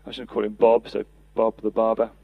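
A man's voice: lowish voice, monotone, fast, gravelly, breathy edge, no room sound, narrow, tinny audio. A man preaching a sermon, earnest, reading and acting out scripture quotes for a podcast. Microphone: podcast mic.

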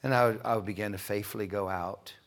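A middle-aged male preacher delivering a sermon, moving between loud, stretched-out declarations and quiet, hushed storytelling. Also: on the low side, fairly even intonation, quick pace.

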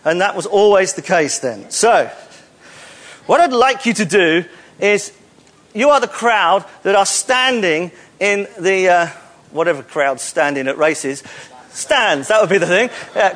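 A man's voice: high-pitched, animated, measured pace, a bit bright. A man leading a live audience on a hall stage, coaxing volunteers with playful, teasing jokes. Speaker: presenter leading audience participation.

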